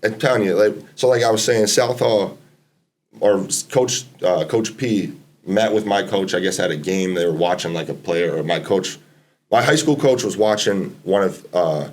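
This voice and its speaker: A low-voiced man in his twenties from Massachusetts talks at a moderate pace. He's a college basketball player appearing as a podcast guest, spinning a long, casual story packed with fillers and quoted dialogue.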